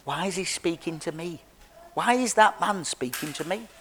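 A man's voice: high-pitched, expressive, normal speed, pushed and bright, a little hiss or hum. An Englishman voicing a wary Samaritan woman at a well, asking questions in disbelief. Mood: incredulous. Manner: incredulous, questioning.

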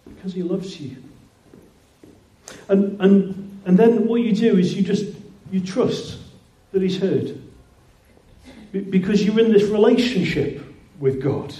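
A man's voice: sits high, slow, mellow. A man preaching a sermon in a conversational way, often repeating words and restarting phrases. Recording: roomy echoing hall.

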